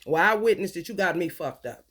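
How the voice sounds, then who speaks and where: A woman in a profane, confrontational spiritual monologue, swinging between low mutters and loud outbursts. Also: lively intonation, a little fast, slight background noise. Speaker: vlogger.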